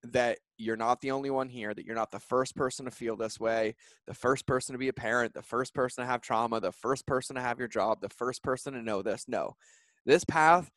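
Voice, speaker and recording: A man in his thirties, a podcast guest, telling an emotional personal story in an earnest, heartfelt way with fast run-on phrasing. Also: mid-range voice, a bit bright, no room sound. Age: 30s.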